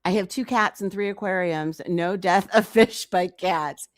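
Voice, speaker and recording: A woman's voice: lowish voice, a little slow, dry recording, clean studio sound. Woman giving teasing reaction commentary. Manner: incredulous, teasing, talks back to a clip. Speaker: commentary streamer.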